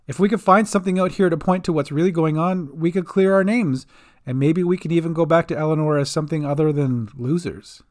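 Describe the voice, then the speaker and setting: A man's voice: fairly high pitch, a little fast, natural voice. A man voicing an earnest, protective young adventurer in an audio story, slightly raised above his own voice. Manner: earnest, urgent when giving orders.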